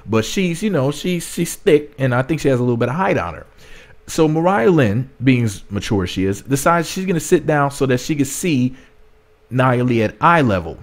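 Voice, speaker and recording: A man's voice: mid-range voice, expressive, normal speed. A man giving a casual, gossipy recap of a reality TV episode, rambling and slangy, often correcting himself as he goes. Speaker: reality TV reviewer.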